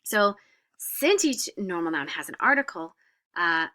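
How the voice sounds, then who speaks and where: A woman's voice: fairly low pitch, sing-song, measured pace, pushed and bright. A woman French teacher explaining grammar in a recorded lesson, patient, with frequent "uh" fillers and whispered examples.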